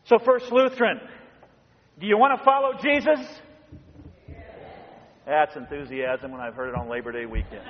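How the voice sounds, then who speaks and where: A middle-aged man preaching a sermon as pastor, animated and storytelling, swinging between loud emphasis and quiet, hushed passages. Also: fairly high pitch, normal speed, pauses often. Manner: animated storytelling, acting out voices in bursts. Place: church sanctuary. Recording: dull sound in a reverberant church.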